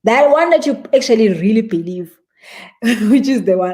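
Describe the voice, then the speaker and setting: A woman's voice: on the high side, animated, moderate pace, dark tone. A South African woman, a spiritual teacher, explains a ritual step by step in a chatty live stream and laughs easily at her own examples.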